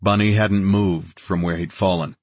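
Deep, husky male audiobook narrator. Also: normal speed, no echo. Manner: steady, dramatic reading. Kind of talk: scripted narration.

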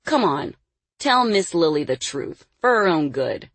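A woman's voice: low voice, very animated, measured pace, husky, no echo, exaggerated voice. A woman reading the part of a cruel man who keeps a girl caged, snarling and taunting his threats. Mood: menacing. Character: cruel, menacing adult male captor in charge. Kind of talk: audiobook character voice.

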